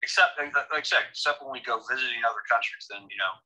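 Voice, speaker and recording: A man's voice: medium pitch, fast, bright, forceful tone, rough recording. An American man co-hosting a casual chat, opinionated and joking, with many restarts. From United States. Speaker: podcast co-host.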